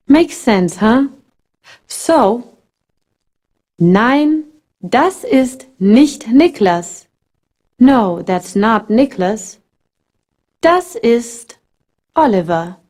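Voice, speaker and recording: Slow, mellow-voiced woman teaching a language. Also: fairly high pitch, very animated. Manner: slow, carefully enunciated model phrases. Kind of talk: scripted language lesson narration.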